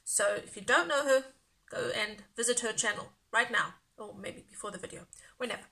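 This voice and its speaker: A woman's voice: a little high, a little fast, vocal fry, pushed and bright. A woman from South Africa with a light South African accent, chatting casually and rambling in a craft vlog, laughing often. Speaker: craft YouTuber.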